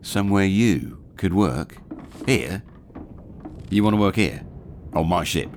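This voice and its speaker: An actor playing a glum, blunt pirate captain who would rather be the ship's cook. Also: male voice, low voice, animated, slow pace, a little mellow, a little hiss or hum. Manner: grumbling, blunt.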